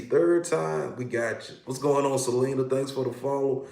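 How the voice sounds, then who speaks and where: Male hypnotist, livestream host, gravelly edge, roomy echo, greets viewers one by one. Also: medium pitch, fairly even intonation, normal speed, darkish tone. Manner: upbeat, greets viewers by name, coaching tone. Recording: echoey room.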